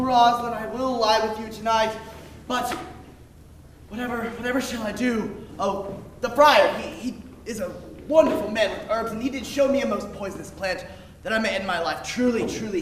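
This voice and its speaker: A man's voice: high voice, fairly bright tone, slight background noise. A man on stage playing a lovesick, dramatic young male hero, delivering every line melodramatically. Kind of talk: amateur stage comedy. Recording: distant, echoey stage recording.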